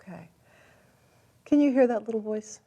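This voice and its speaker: Calm woman guiding a tapping session. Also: a little high, moderate pace. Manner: calm, gently directive, encouraging. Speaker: tapping practitioner.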